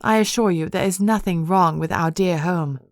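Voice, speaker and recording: Woman playing a genteel countess, formal and refined, lowish dry voice. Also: moderate pace, no echo, natural voice. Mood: gracious. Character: Victoria, gracious proper countess, adult woman.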